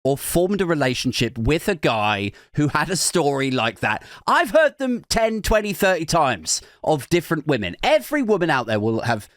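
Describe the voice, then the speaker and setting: A man's voice: a little high, sing-song, normal speed, hardly any pauses, fairly bright tone, dry recording, studio quality. A man hosting a podcast, giving a crude, sarcastic comedic commentary and slipping in mock voices. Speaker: podcast host.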